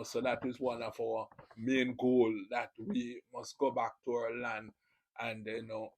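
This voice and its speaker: Jamaican man hosting his own channel, husky voice, meandering casual testimony, mid-range pitch. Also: low-quality recording. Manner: rambling, full of "you know" fillers. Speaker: video channel host.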